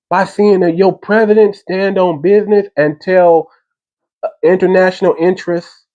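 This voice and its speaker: Emphatic man with a dark voice. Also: high-pitched, fairly even intonation, moderate pace, lo-fi sound. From United States. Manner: emphatic, repeats phrases, talks straight to chat. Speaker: livestream commentator. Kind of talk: livestream political commentary. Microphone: small cheap wireless clip mic.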